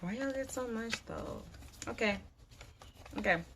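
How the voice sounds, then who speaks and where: A woman's voice: fairly high pitch, animated, measured pace, vocal fry, heavy background noise. A woman giving a casual tarot reading, chatty and slangy, swearing now and then. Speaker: tarot reader.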